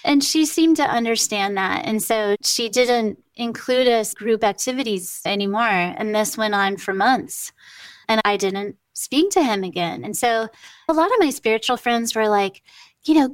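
A woman's voice: a little high, normal speed, no echo. A middle-aged woman hosting a podcast, telling a personal family story in a candid, conversational way and acting out the dialogue. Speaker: podcast host.

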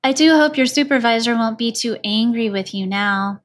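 A woman voicing a kindly, lonely older man who works at a factory, in a gentle, polite storybook voice. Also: on the high side, moderate pace, close to an everyday voice.

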